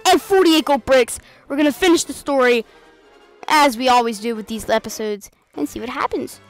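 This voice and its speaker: A woman hosting a let's play video, giving excitable, playful commentary over the game and mimicking the characters. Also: high voice, normal speed, faint music behind. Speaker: gaming channel host.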